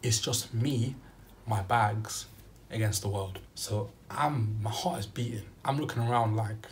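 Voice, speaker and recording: A young man vlogging a travel story, animated and acting out what he said at the time. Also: lowish voice, a little slow, slight background noise. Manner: animated storytelling, acting out his own quotes. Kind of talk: storytime vlog.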